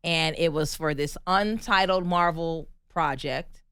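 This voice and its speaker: A woman from the United States, a guest on a podcast interview, telling her story in an animated, emphatic way and laughing often. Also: sits low, a little slow, smooth, no echo, studio quality. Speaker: guest, actress and stunt performer.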